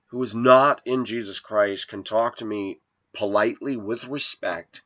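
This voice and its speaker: A man in his forties with a fairly low voice delivers a meandering personal monologue to his viewers. He tells his stories in an earnest, aggrieved tone. The sound is dull and lo-fi. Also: unhurried, a bit bright. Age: 40s. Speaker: vlogger. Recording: dull lo-fi recording.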